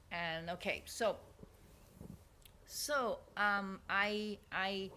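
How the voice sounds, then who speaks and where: A woman's voice: medium pitch, bright, forceful tone, slight background noise. A woman chatting in a rambling, digressive way about her swap meet stall, often trailing off into near-whispers. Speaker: artist vlogger. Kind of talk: rambling casual monologue.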